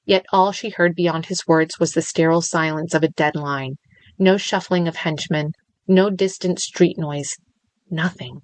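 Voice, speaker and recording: A woman reading a thriller audiobook in a measured, steady narration. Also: low voice, no echo, poor audio.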